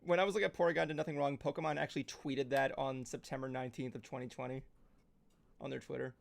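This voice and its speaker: A man's voice: mid-range voice, steady tone, fast, gravelly. A man hosting a casual livestream talk show, talking loosely and joking. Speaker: show host.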